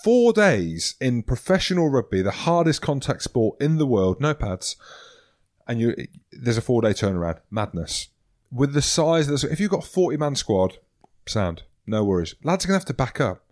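A man's voice: mid-range voice, very animated, normal speed, darkish tone. Blunt self-mocking Scottish man. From Scotland. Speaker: podcast co-host. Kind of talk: casual sports banter.

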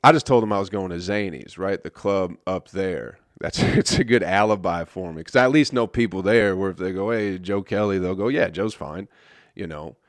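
A man's voice: low-pitched, normal speed, no room sound. A man, a stand-up comedian, telling a story in a laid-back, rambling way full of swearing. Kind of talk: casual storytelling.

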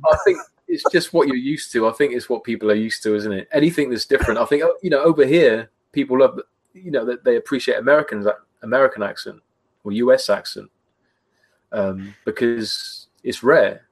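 A man's voice: mid-range voice, brisk, husky. A man, a guest on a live stream, speaking in a modest, easygoing and somewhat hesitant way. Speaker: guest, video creator. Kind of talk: casual chat on a live stream.

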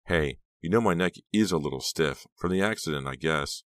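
A man's voice: very deep voice, fairly quick, fairly bright tone, no echo. A man voicing a sarcastic, anxious teenage girl in an audiobook, raising his voice and speaking dryly. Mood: wry, uneasy. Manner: raised girlish voice, dry and uncertain.

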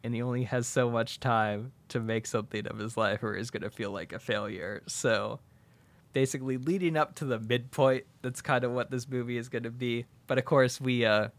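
A man in his thirties casually pitching a movie plot, acting out the characters' lines as he goes. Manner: animated storytelling, quick quoted voices. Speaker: podcast co-host pitching a movie idea. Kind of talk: casual chat, acting out scenes.

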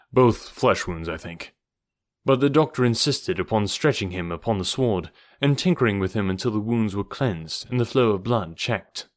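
A man narrating an adventure novel as an audiobook in a steady, measured storytelling manner. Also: medium pitch, dry recording, clean studio sound.

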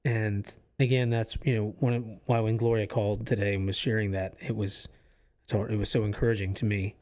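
Earnest, halting man co-hosting a podcast. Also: fairly low pitch, flat delivery, a little mellow. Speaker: podcast co-host. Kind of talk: casual faith podcast chat. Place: office used for recording podcasts.

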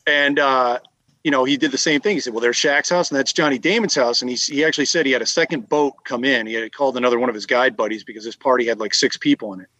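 A man from Massachusetts telling fishing stories in a relaxed podcast chat. He rambles through his anecdotes with plenty of fillers, restarts and asides. His voice sits at a middle pitch, recorded close and dry. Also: quick pace, no room sound. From Massachusetts, USA. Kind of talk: casual conversational storytelling.

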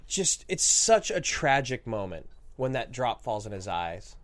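A man's voice: mid-range voice, a little slow. A man co-hosting a casual movie podcast, talking in a rambling, restarting way. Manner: lively, rambling, full of restarts. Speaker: podcast co-host.

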